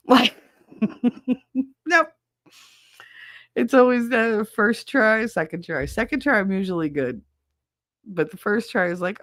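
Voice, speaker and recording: A woman's voice: fairly low pitch, normal speed, pauses often, dry recording, studio quality. A woman hosting a casual chat show, venting bluntly with lots of swearing and laughter. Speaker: podcast host. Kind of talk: casual chat with chat shout-outs.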